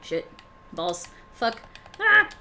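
A woman's voice: a little high, huge pitch swings, drawn-out words, sharp tone. A young woman streaming a game live, chatting casually to viewers, often laughing and swearing. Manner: laughs often, swears freely, talks to chat. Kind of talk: casual live-stream chat while gaming. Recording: faint background noise.

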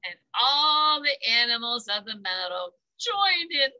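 A woman at a library reading a children's story aloud, with very expressive delivery and playful sound effects. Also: high voice, a little slow, few pauses, highs cut off. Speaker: library story time reader.

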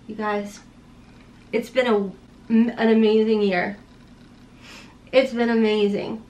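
A woman's voice: fairly high pitch, flat delivery, slow pace, pauses often, darkish tone. A woman beauty vlogger chatting casually while doing her makeup, rambling, emotional and heartfelt with folksy slang.

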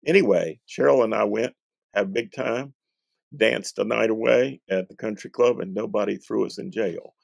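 A man from North Carolina, a Bible scholar answering interview questions in a measured, emphatic, preacherly way. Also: fairly low pitch, vocal fry, darkish tone, no echo. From North Carolina, USA.

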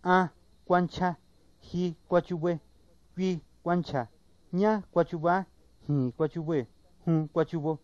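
A man slowly and carefully reading out a word list in a measured, repetitive way. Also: a little high, fairly even intonation, a little mellow, no echo. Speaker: native speaker recording word list. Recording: dull lo-fi 1990s tape, dry.

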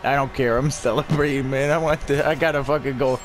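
Young male streamer calling his own game, quick to rage and curse, average pitch, faint hiss behind. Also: fairly even intonation. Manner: frustrated, swearing, raging at the game. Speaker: gaming YouTuber. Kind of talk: live gameplay commentary.

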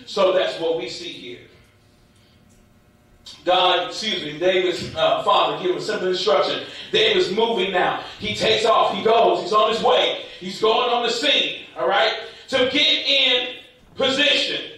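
High-pitched preaching man in echoey church. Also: unhurried. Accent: American. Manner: fervent preaching, frequent repeated words and shouted lines. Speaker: apostle preaching. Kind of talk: sermon. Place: church sanctuary. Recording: echoey church, mic from a distance, congregation responding.

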